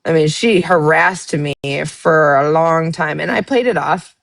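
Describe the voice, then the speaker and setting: A woman's voice: sits low, a little slow, vocal fry, dry recording. A woman hosting a casual livestream, reading out text messages and telling her side of a dispute in a blunt, profane way. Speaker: livestream host.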